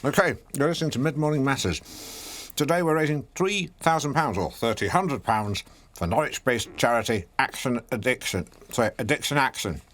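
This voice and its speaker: Blundering radio host. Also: male voice, mid-range voice, expressive, moderate pace, fairly bright tone. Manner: awkward, blundering, self-correcting. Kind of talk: comedic radio presenting.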